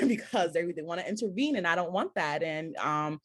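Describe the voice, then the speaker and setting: A woman co-hosting a casual panel chat, telling a lively story, acting out quotes and laughing often between lines. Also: lowish voice, moderate pace. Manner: lively storyteller who acts out quotes, heavy "like"; laughs often while talking. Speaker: podcast co-host.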